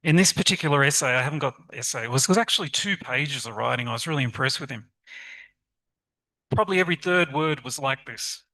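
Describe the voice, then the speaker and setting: A man giving a lively, encouraging conference talk to teachers and asking the audience questions. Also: medium pitch, quick pace, no room sound, low-quality recording. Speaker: conference presenter on literacy teaching.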